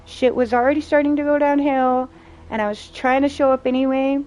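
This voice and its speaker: A young adult woman streams a game and chats casually, her high voice steady in tone, fairly quick and a little mellow. She's blunt, profane and sarcastic, with faint game music playing behind her.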